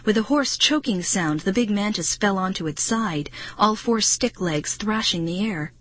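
A woman narrating a children's audiobook in a brisk, dramatic storytelling manner. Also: medium pitch, animated, no echo. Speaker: audiobook reader.

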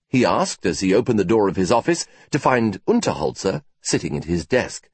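A man reading a novel aloud in a measured, wry storytelling manner. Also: lowish voice, big pitch swings, slightly rough, no room sound. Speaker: narrator. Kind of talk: scripted audiobook narration.

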